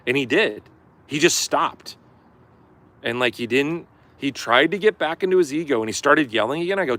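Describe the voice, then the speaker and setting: A man's voice: fairly high pitch, normal speed. A middle-aged man telling a story in a casual, profane live-stream rant. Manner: profane, animated, acts out yelling quotes.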